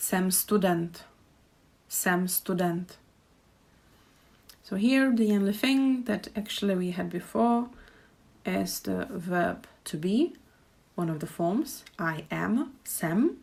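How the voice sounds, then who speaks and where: A woman with a Czech accent teaching pronunciation, speaking slowly and repeating each example phrase with care. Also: mid-range voice, expressive, gravelly, darkish tone, husky. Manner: slow, careful demonstrations with repeated example phrases. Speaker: language teacher. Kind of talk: pronunciation lesson. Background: birdsong and traffic outside.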